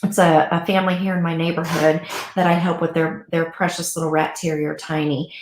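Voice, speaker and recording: Animated woman in an echoey room. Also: low-pitched, fairly quick, slight background noise. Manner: warm, animated, gushing storyteller. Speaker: pet loss guide and co-host. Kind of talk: casual talk show chat.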